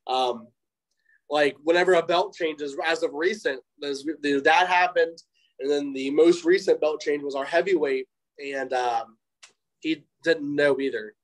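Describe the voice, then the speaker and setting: A man's voice: a little high, measured pace, poor audio. A young man, a professional wrestler, telling a story in a casual interview, acting out what people said with lots of ums. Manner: animated, acts out quoted voices, frequent fillers. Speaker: interview guest, pro wrestler.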